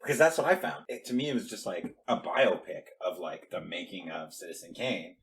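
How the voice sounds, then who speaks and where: A man's voice: low voice, animated, fairly quick, gravelly. A man co-hosting a casual movie review podcast, speaking bluntly and opinionated, with a joking edge. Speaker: podcast co-host.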